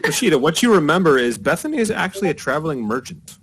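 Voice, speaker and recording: A man narrating a tabletop game as game master in a relaxed, casual way. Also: fairly high pitch, quick pace.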